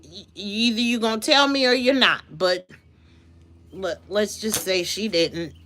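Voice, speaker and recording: On a live stream, a woman chats casually and tells a story with animated energy, greeting the viewers in her chat. Her voice sits in the mid range and moves a little slowly, with slight background noise.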